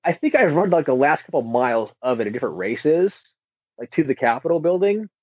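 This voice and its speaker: Animated male storyteller, fairly high voice, dry and close. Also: a little fast, husky, dry recording. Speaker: marathon runner guest. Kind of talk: casual chat. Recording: tinny phone-like line.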